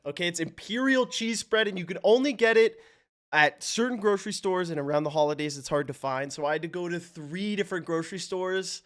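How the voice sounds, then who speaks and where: A man livestreaming, telling stories and chatting casually with his viewers, animated and loose with swearing. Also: on the high side. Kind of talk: casual chat with stream viewers.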